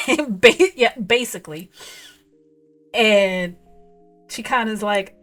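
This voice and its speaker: A woman hosting a casual movie review, talking in an animated, emphatic way with lots of asides. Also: medium pitch, takes it slowly, pauses often, soft background music. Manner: animated, emphatic, repeats "okay?" and "whatever". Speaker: film reviewer, host.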